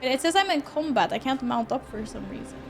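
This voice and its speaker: High-pitched woman streamer, chatty and expressive, faint game music under her. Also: brisk. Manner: chatty, reacts to chat and thanks tippers; expressive, often laughing. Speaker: livestreamer. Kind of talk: casual live-stream chat with viewers.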